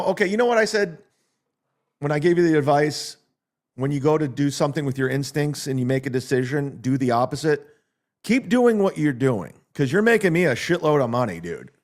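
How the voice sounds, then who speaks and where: A man hosting a livestream, ranting in a mocking, sarcastic way and reading viewer donations aloud. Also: medium pitch. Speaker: livestream host.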